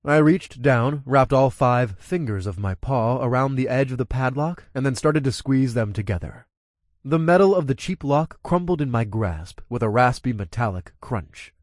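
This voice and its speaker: A man's voice: mid-range voice, expressive, moderate pace, dry recording, clean studio sound. A man narrating a first-person story in a casual manner with crude asides.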